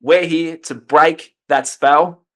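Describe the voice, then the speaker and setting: A man's voice: fairly high pitch, steady tone, slow, fairly bright tone. A man with a slightly raised voice speaks as a guest in a podcast interview. He talks with passion and conviction. He often circles back and restarts his phrases as his thoughts run ahead. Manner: impassioned, repeats and restarts phrases. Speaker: podcast guest, life coach and author. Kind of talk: earnest conversational interview.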